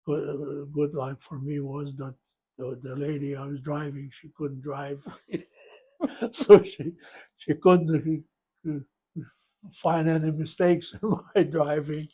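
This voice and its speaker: An old man in his nineties recalls his life for an interviewer, halting along with restarts and soft chuckles. His voice is slow, husky and mellow. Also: a little high, flat delivery. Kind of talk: storytelling interview.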